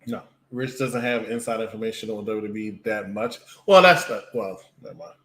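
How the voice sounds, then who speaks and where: A man's voice: lowish voice, a little fast, a bit bright. A man co-hosting a casual wrestling review chat, matter-of-fact and teasing. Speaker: podcast co-host. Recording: echoey room.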